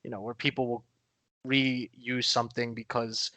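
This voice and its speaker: A man's voice: mid-range voice, flat delivery, a little slow, sharp tone, no echo. A man co-hosting a podcast in casual chat, rambling with many fillers and restarts. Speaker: podcast co-host.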